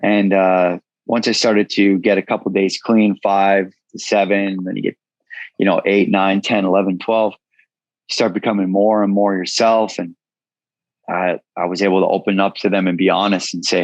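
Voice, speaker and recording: A man's voice: low voice, flat delivery, normal speed, no echo, highs cut off. A man in his thirties, a guest in an interview, telling his story frankly and casually, swearing freely. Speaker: guest, entrepreneur.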